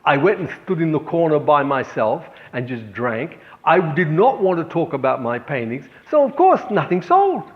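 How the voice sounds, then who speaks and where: Earnest high-voiced man teaching art. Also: sing-song, normal speed, few pauses. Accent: Australian. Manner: earnest, storytelling, voices his inner thoughts. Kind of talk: talking to camera about art practice. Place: art gallery. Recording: slightly dull, lo-fi sound.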